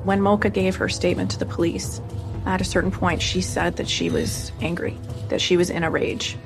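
Woman, interview commentator, low, flat delivery, music underneath. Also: normal speed. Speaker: commentator on the case.

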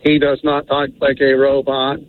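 A man's voice: medium pitch, completely flat delivery, moderate pace, a little hiss or hum. A man calling into a radio show, teasing the host with playful mock impressions over a phone line. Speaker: caller.

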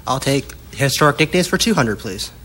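A man's voice: mid-range voice, expressive, brisk, pushed and bright, slight background noise. A man competing on a quiz show, giving short, matter-of-fact answers and picking categories.

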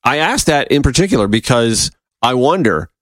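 A man's voice: normal speed, no echo. A man hosting a political talk show, reading a column aloud and breaking in with sarcastic asides. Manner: sarcastic, animated asides with sudden pitch jumps. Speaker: radio talk show host.

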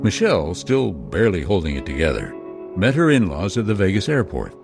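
A man with a low, gravelly voice narrates a true-crime story in a measured, dramatic cadence. His pitch swings widely to stress each turn, and music plays clearly under him. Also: wildly swooping pitch.

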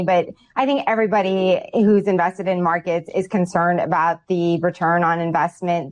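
A woman investment strategist answering interview questions in a steady, explanatory way with some fillers. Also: lowish voice.

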